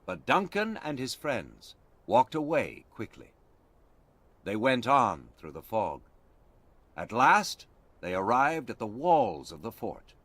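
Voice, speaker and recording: A man narrates a storybook slowly and clearly, his pitch rising and falling with great liveliness. His reading is expressive and unhurried. The recording is dry and close, with no room sound. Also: no room sound. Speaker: audiobook reader.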